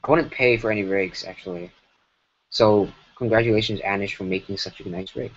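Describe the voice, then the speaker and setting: A man's voice: fairly low pitch, steady tone, a little fast. A man streaming live as he works, talking casually in a rambling, self-correcting way with lots of fillers, through a broken mic. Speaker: streamer animating. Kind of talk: casual livestream commentary. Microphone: broken computer mic. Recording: dull lo-fi mic.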